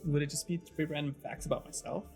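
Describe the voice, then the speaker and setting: A man playing a tabletop game, hesitant and halting as he talks, faint music behind. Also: fairly high pitch, steady tone, a little mellow, husky. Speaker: player. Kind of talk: casual tabletop play.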